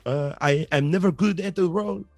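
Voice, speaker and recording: A man's voice: high voice, moderate pace, a little mellow, no echo, soft background music, voice pushed up. A man putting on a French-accented grumbler. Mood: grumbling. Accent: put-on French. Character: male French dinosaur handler, fussy.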